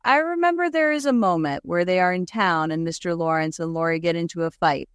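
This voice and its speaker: A woman's voice: on the low side, fairly quick, clean tone, dry recording, clean studio sound. A woman co-hosting a podcast, talking through a film adaptation in a chatty, reflective way. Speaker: podcast co-host. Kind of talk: casual chat.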